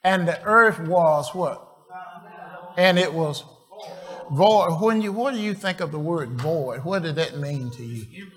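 A pastor preaches a sermon, quizzing the congregation with call-and-response questions. He's slow and halting, often repeating and restarting phrases. His voice is a little high and a bit bright, with lively intonation.

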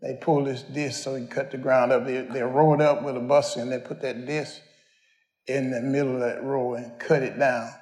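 A man's voice: mid-range voice, flat delivery, normal speed, a little mellow, echoey room. An older man, preaching a folksy storytelling sermon, rambling and homespun as he addresses the congregation.

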